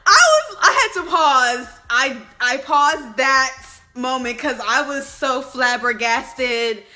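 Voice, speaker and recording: A young woman chatting to camera in a casual vlog, expressive and talkative. Her voice sits a bit high and comes across bright and forceful. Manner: chatty, expressive, addresses viewers as y'all. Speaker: vlogger reviewing a reality show.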